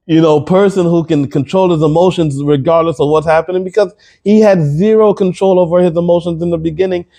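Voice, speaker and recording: A man delivers a commentary monologue to his viewers, pressing his points with incredulous rhetorical questions. His voice sits slightly high for a man, yet it sounds mellow and warm rather than bright. He often doubles back on his words when he gets heated. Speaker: commentary vlogger. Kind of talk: opinion commentary to camera.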